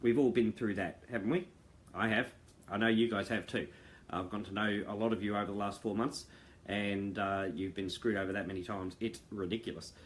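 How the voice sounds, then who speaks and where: A man's voice: lowish voice, fairly even intonation, a little fast. Rambling earnest man. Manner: rambling, earnest, many fillers and restarts. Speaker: founder addressing members. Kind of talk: casual monologue to viewers. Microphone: video call mic.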